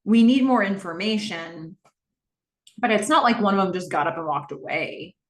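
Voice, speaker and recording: A woman's voice: mid-range voice, animated, moderate pace, roomy sound. A woman hosting a podcast, casually recapping a TV episode, narrating scenes and reading out the dialogue. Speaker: podcast host.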